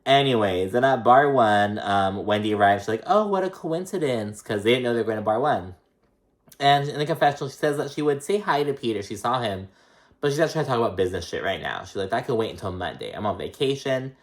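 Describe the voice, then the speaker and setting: A man rattles through a reality TV recap in a loose, offhand way. He talks at a middling pitch, and his speech is full of "like," "um" and casual profanity. He sometimes bends his voice to act out what the cast members said. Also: animated, quick pace. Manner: loose, profane, chatty with many "like"s and "um"s; acts out quoted lines in shifting voices.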